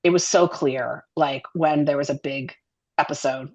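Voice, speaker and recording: A woman who directs and produces children's television, chatting as an interview guest in a chatty, animated way with many fillers. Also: sits low, moderate pace, dull audio. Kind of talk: casual interview chat.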